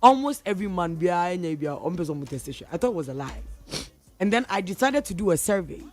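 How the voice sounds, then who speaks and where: A woman's voice: fairly low pitch, very animated, fast talker, darkish tone, soft background music. A woman radio host with a Ghanaian accent, chatting casually and playfully mimicking her friends' voices. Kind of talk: casual radio talk mixing English and Twi. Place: radio studio.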